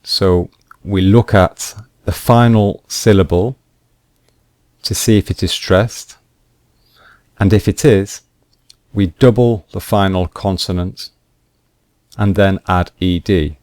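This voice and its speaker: A man teaching English grammar rules slowly and deliberately, repeating each point with examples. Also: sits low, fairly even intonation, darkish tone, dry recording, clean studio sound. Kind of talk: slow explanatory grammar lesson.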